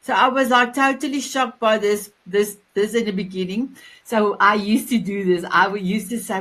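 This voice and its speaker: A woman's voice: medium pitch, steady tone, normal speed, few pauses, poor audio. Effusive woman host. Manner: warm, effusive, non-native phrasing. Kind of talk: casual interview chat.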